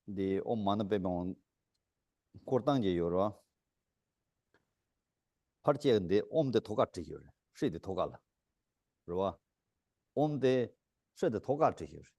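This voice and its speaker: A middle-aged Buddhist teacher, a man with a low, mellow voice, gives a dharma teaching. He speaks emphatically, his voice jumping up in pitch and force. The recording is dry and close. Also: animated, moderate pace, pauses often, no room sound.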